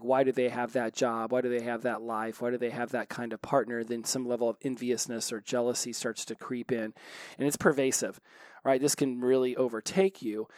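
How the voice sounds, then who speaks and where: A man in his forties giving a casual motivational talk on addiction recovery, fast and animated, often asking "right?" to check in with listeners. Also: mid-range voice, no echo. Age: 40s.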